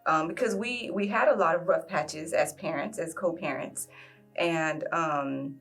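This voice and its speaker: Reflective woman, low voice. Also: a bit bright, soft background music. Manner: reflective, fills pauses with "um". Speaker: guest sharing a love story. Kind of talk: emotional personal storytelling.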